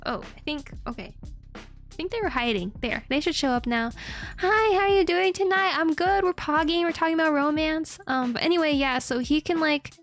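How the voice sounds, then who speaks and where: Woman streamer, high voice, animated giggly chat, light background music. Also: moderate pace. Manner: giggly, animated, swears casually. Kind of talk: casual stream chat recapping a manga.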